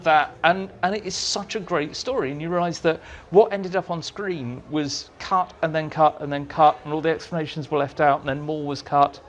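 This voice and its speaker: A man telling lively anecdotes as an interview guest, acting out the dialogue in his stories, in a meeting room with an audience. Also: fairly high pitch, moderate pace, few pauses, slight background noise. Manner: animated storyteller, acts out dialogue. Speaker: interviewee, writer.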